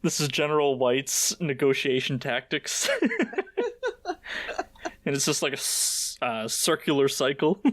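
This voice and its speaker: A man's voice: mid-range voice, fairly even intonation, a little slow, long pauses, fairly bright tone, no echo. A man hosting a casual recap podcast, joking, swearing and laughing often as he acts out scenes. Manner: profane, joking. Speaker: podcast host.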